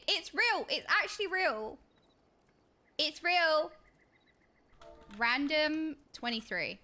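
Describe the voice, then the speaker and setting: A woman's voice: high voice, big pitch swings, normal speed, sharp tone. A young woman streaming a game, chatting playfully and chanting silly words in a sing-song way. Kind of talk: casual live-stream chatter.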